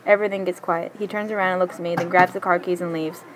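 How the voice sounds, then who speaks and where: A woman reading a story aloud in a quick, plain way, with small stumbles now and then. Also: on the low side, steady tone, noisy background.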